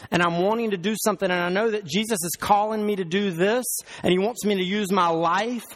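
A male pastor preaching a sermon, animated and emphatic, with rhetorical questions. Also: sits high, fairly quick.

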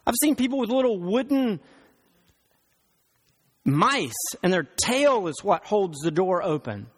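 A male pastor preaching a sermon, animated and emphatic, with rhetorical questions. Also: high-pitched, unhurried.

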